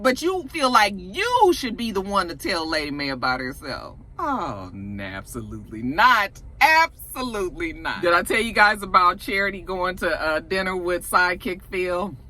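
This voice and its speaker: A woman's voice: medium pitch, moderate pace, few pauses. A young woman giving a casual, sassy recap of a TV episode, acting out the characters' lines as she goes. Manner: animated, sassy storytelling with acted-out quotes. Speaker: TV recap vlogger.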